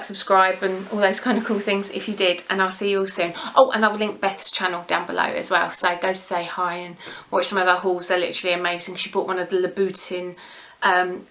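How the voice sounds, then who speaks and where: A young British woman chatting to her camera as a beauty vlogger, rambling and gushing in an easy, friendly flow. Her tone is crisp and sharp, with a middling pitch. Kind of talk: casual chat to camera.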